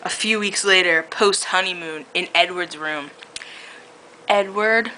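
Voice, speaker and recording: A woman's voice: fairly low pitch, fairly even intonation, moderate pace, sharp tone, slight background noise, rough recording. A woman casually reading her own fan fiction aloud, often breaking into giggles.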